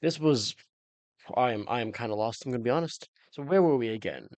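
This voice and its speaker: A man in a casual, jokey recap of a TV episode, rambling through his theories with sudden excited jumps in pitch. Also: brisk, no echo. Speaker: reaction channel host.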